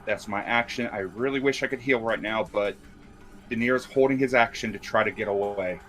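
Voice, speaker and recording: A man's voice: fairly low pitch, brisk, fairly bright tone, soft background music. A man playing in a tabletop game, describing his character's moves in third person, plain and matter-of-fact. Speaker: player.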